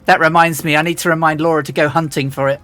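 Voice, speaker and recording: A woman streamer chatting casually and rambling as she flies a simulator, often restarting and clearing her throat. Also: low voice, steady tone, fast, fairly bright tone, faint music behind. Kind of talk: casual live-stream chat while flying a flight simulator.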